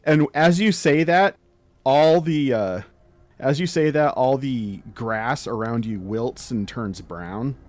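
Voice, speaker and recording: A man narrating as game master of a tabletop role-playing game, relaxed and chatty. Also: medium pitch, slow. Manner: relaxed, chatty, laughs often.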